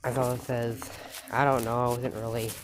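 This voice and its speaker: A woman telling an improvised fan story in a halting, loose way, with quick quoted lines. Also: very deep voice, flat delivery, background noise.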